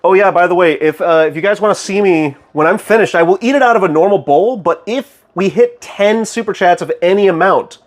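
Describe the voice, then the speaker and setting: Young man, live-stream cooking chat, goofy, gets loud when excited, slightly high voice. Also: a little fast, hardly any pauses.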